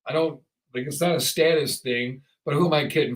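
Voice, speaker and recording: A man hosting a casual podcast chat, rambling and animated, often acting out the voices of people he quotes. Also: mid-range voice, brisk, rough recording. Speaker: podcast host.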